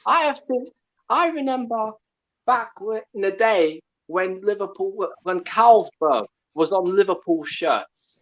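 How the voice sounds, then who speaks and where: A man's voice: high voice, lively intonation, a little slow. Fired-up young man ranting down a muffled line. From Portugal. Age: 20s. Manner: combative, keeps asking "yeah?". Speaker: caller. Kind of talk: fired-up call-in rant.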